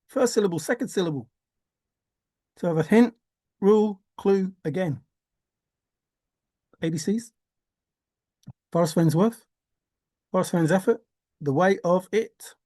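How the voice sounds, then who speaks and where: A man's voice: high-pitched, measured pace, pauses often, mellow, no echo, studio quality. A man talking through a rambling vlog monologue, musing aloud, swearing casually and laughing to himself. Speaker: vlogger.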